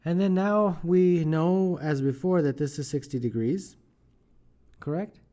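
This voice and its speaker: A man with a mellow, warm voice walks through a math contest problem as a tutor. He thinks aloud as he works and keeps checking in with listeners by asking "right?". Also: a little high, unhurried. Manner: thinks aloud while working problems, often adds "right?".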